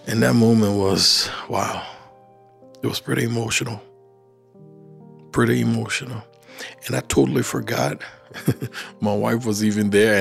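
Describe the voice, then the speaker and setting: A man's voice: fairly low pitch, gravelly. A middle-aged man from Liberia with a Liberian accent, telling his life story and acting out the dialogue he quotes. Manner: animated storyteller who acts out quoted dialogue. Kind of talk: personal storytelling. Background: faint music.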